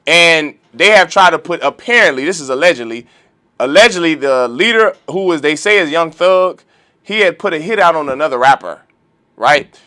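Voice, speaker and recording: A man's voice: a little high, lively intonation, normal speed, sharp tone, clean tone. A man teaching a religious law class, preaching emphatically and firing off rhetorical questions. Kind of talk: lecture-style sermon.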